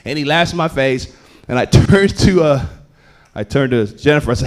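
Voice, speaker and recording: A man telling a story on a comedy club stage, swinging between loud bursts and low asides. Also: brisk. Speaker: stand-up comedian. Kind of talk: stand-up storytelling.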